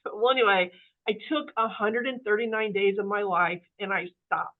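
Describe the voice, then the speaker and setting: A woman guest telling her life story in an interview, animated and full of fillers, acting out the voices of the people in it. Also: mid-range voice, moderate pace. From Kansas City area, US. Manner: animated, acts out quoted voices, many fillers. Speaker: podcast guest. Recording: phone-like narrow audio.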